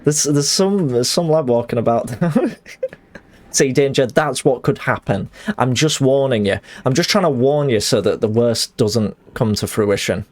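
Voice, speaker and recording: A man's voice: medium pitch, unhurried, slight background noise. A young man chatting casually while streaming a game, rambling and laughing at himself. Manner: rambling, self-deprecating, laughs often. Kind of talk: casual chat while gaming.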